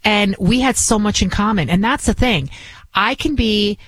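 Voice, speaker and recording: A woman's voice: mid-range voice, moderate pace, a bit bright, husky, no echo, low-quality recording. Chatty woman with a Bronx accent. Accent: New York, Bronx. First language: not English. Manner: chatty, rambling, emphatic. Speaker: guest radio host. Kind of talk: conversational talk radio monologue.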